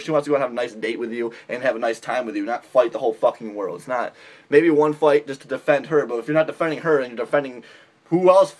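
A young man ranting bluntly and profanely in a comedic vlog, mocking other people with put-on impressions. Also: mid-range voice. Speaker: vlogger giving dating advice.

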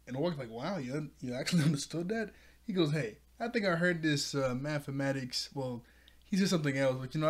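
A man hosting a casual episode recap, excitable and quick to laugh as he retells scenes. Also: mid-range voice. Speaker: show reviewer.

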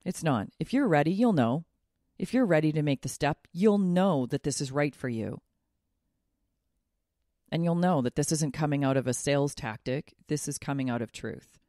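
A woman speaks alone on her podcast as a life coach, earnest and upbeat, opening up about herself. Her voice has a gravelly fry to it. The sound is dry and close, with no room around it. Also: a bass voice, a little mellow, dry recording. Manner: earnest, self-revealing, upbeat. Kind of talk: solo podcast monologue.

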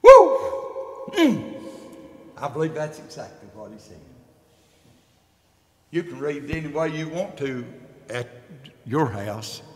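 A man preaching a sermon, folksy, loud and emphatic, swinging from shouts to low storytelling. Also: animated, measured pace, pauses often. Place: church sanctuary. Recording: long church reverb.

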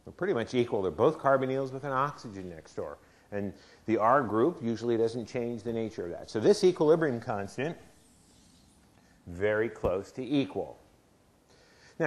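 A man's voice: mid-range voice, expressive, fairly quick. Man lecturing on chemistry to a class. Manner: asks the class questions, conversational. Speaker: chemistry professor. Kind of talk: university lecture. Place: lecture hall.

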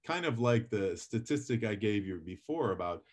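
Animated man teaching public speaking. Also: on the low side, moderate pace. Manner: animated, varies volume and pace for effect. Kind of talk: classroom lecture with demonstrations.

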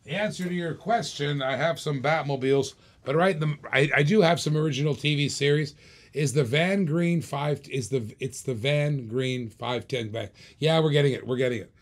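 A man running a live-stream auction in a pumped-up sales patter, repeating himself to keep bids coming. His voice sits a bit high for a man and carries a gravelly, creaky edge. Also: normal speed. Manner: hyped, repetitive salesman pitch.

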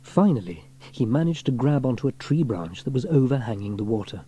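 A man reading a children's storybook aloud in an expressive way. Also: medium pitch, brisk, slightly rough.

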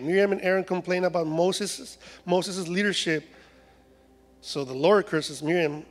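A man's voice: a little high, long reverb tail. A man from Mexico with a Mexican Spanish accent, preaching a humorous sermon in a church. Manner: humorous, acts out voices of complaining people. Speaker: guest preacher. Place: church sanctuary.

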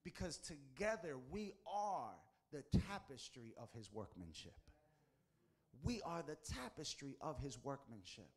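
A man from the United States, a pastor, preaching a sermon in a storytelling way and pushing his voice higher and louder for emphasis. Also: very animated, a little slow.

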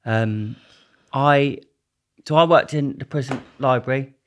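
A man's voice: mid-range voice, a little slow, slight background noise. A young man, a podcast guest telling stories in a rambling, slangy way with plenty of swearing and restarts. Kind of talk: casual storytelling interview.

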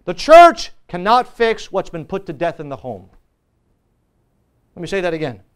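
A man's voice: a little high, big pitch swings, normal speed, pauses often, clean tone. A male pastor teaching a Sunday school lesson in a church, preaching fervently and repeating lines for emphasis.

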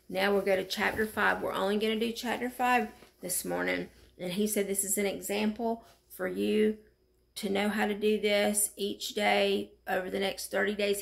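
A woman's voice: medium pitch, flat delivery, a little slow, creaky. A woman leading a fervent early-morning prayer and reading scripture aloud, decreeing and declaring. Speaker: prayer leader. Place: at home, just woken up.

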